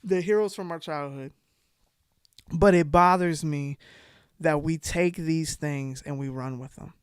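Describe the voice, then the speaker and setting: A man's voice: a little high, a little slow, clear, resonant tone, dry recording. Brief: male commentary host, heated exasperated rant, close dry mic. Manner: heated, exasperated, swings between shouting and muttering.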